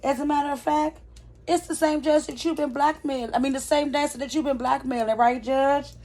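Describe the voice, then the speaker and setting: A woman's voice: high-pitched, fairly even intonation, a little fast, darkish tone, pitched above the performer's own voice, lightly acted. Woman putting on a smug scheming club owner. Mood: taunting.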